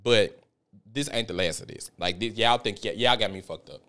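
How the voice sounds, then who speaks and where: Here a podcast host with a lowish, sharp-toned voice talks at a normal speed. His casual monologue is a rant full of stories, delivered with heat, profanity, and emphasis.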